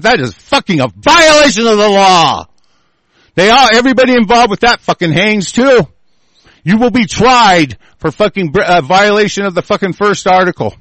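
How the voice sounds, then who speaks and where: A man's voice: sits high, fairly bright tone, dry recording. A man delivering an angry, profane, combative rant as a monologue.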